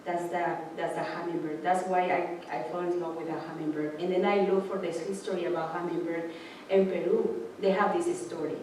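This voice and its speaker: A woman's voice: on the low side, brisk, slight background noise. A woman speaking influenced English gives an informal sermon, telling spiritual stories and acting out voices with laughs. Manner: animated storyteller, acts out voices with laughs. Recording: echoey room from far off.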